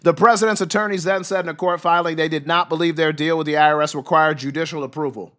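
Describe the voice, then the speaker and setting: Male streamer, a touch high-pitched, shouting with passion and wearing out his voice while he reads and reacts. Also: fairly even intonation, fast talker, hardly any pauses. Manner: loud, fired-up, profane, shouts with passion. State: losing his voice. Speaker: livestream host. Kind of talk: livestream commentary and news reading.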